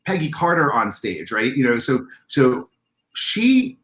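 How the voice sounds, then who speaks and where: A man on a video call, telling convention stories in an animated way and acting out the dialogue in a raised voice. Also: medium pitch, unhurried, roomy sound. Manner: excitable, acts out dialogue in a raised voice. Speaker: convention organizer guest. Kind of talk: animated storytelling on a livestream.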